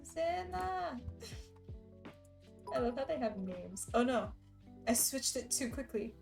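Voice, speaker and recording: A woman's voice: sits high, big pitch swings, slow pace, creaky, music in the background. A woman streamer talking casually with her chat, laughing often and reading messages aloud. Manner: giggly, chatty, reads chat aloud.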